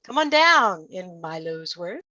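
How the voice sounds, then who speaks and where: A woman's voice: on the low side, very animated, a little slow, pushed and bright, no room sound, lo-fi sound. A woman moderating an online panel, upbeat and encouraging as she introduces speakers.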